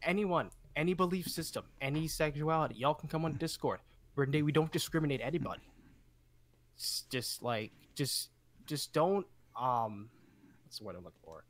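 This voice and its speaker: A man hosting a casual podcast, easygoing and agreeable, often chiming in with quick agreement. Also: on the high side, animated. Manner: easygoing, agreeable, keeps saying "yeah, exactly".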